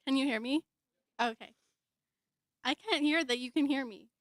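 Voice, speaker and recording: A high-voiced woman speaks at her brother's memorial service, her voice tearful and apologetic. She keeps trying to compose herself and carry on. Her voice is close and dry on the microphone. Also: moderate pace, no room sound. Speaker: sister giving a eulogy. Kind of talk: memorial speech.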